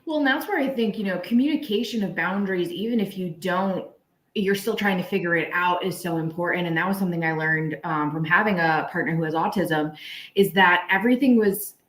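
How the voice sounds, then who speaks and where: A woman co-host talking in a relaxed, reflective way on a live stream. Her voice sits a little low, and it rings in an echoey room. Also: brisk. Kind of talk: casual chat.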